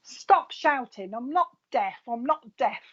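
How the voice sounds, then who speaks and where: A woman voicing a bustling little old Irish lady spirit who talks in a brisk, scolding way. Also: on the high side, darkish tone, highs cut off, lightly acted.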